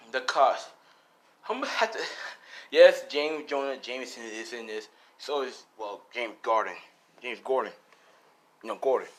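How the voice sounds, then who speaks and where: A man improvises a fan story in a loose, rambling way, stacking up fillers as he goes. His pitch swings up and down in a lively way while he talks. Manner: rambling, full of "you know" and "like".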